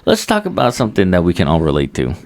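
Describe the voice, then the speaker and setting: A man in his twenties co-hosting a podcast, telling stories in a casual, profane and animated way. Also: sits low, quick pace. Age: 20s. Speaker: podcast co-host. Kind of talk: casual chat.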